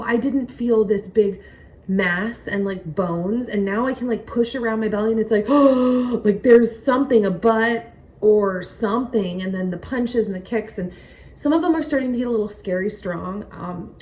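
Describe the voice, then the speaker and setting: A young woman chatting casually to camera from home in a rambling, excitable way. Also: mid-range voice. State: pregnant, recovering from nausea. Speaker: vlogger. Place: home, indoors by a window. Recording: somewhat distant mic, faint noise.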